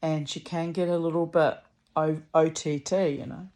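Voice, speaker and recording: A woman's voice: sits low, steady tone, normal speed, a little mellow. A woman telling a story in a chatty, rambling way, blunt and salty, with lots of asides and restarts. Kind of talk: casual storytelling monologue.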